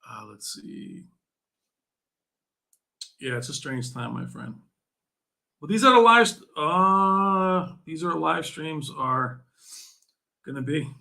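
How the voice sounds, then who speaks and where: Bright-voiced excitable male streamer. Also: a little high, slow pace, gravelly, pauses often. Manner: excitable, jokey, laughs often. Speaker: livestream host. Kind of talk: casual livestream chat.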